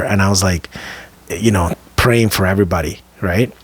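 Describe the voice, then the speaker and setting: Low-voiced man telling a vivid story. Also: expressive, husky, no room sound. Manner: vivid, emphatic storyteller who slows down for dramatic moments; loose and conversational, with slang asides. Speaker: podcast co-host. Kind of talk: casual storytelling chat.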